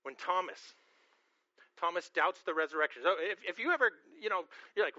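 A man with a high, bright voice preaches an earnest sermon, often stumbling over and repeating the first word of a phrase. He asks his listeners questions as he goes. The sound is dry and a little dull. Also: a little fast, no echo. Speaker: pastor.

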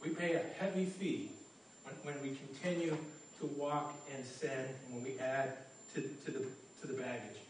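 A man's voice: mid-range voice, steady tone, moderate pace, a little hiss or hum. A man preaching a sermon as pastor, earnest and conversational, often repeating his first words as he goes. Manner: stammering repetitions, earnest and conversational. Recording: echoey room from far off.

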